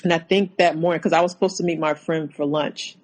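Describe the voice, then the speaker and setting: A woman telling her own story as a podcast guest, halting and repeating herself, acting out what was said. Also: low-pitched, fairly even intonation, rough recording. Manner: halting, repeats words, acts out quotes. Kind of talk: personal account in a podcast interview.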